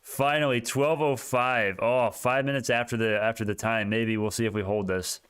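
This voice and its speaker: A young man hosting a casual stock market livestream, talking in an excitable, rambling way with many restarts. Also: mid-range voice, moderate pace, clean tone.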